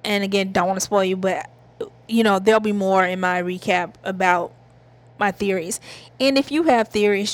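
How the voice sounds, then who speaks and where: A woman with a Southern US accent, chatting casually about TV shows as a host, giggling and rambling. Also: mid-range voice. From American South. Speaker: TV review host. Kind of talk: casual chat.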